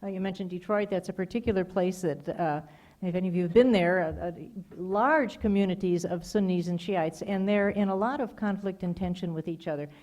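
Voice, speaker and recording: An older woman answering audience questions after a lecture, measured and thoughtful, with frequent pauses. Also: on the low side, a little mellow. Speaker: guest speaker answering questions.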